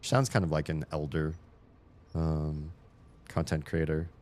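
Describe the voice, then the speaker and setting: A man giving live, rambling commentary while playing a puzzle game, mocking himself and swearing when stuck, then breaking into high excited shouts when something works. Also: a little slow. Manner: bursts into high excited shouts at small wins.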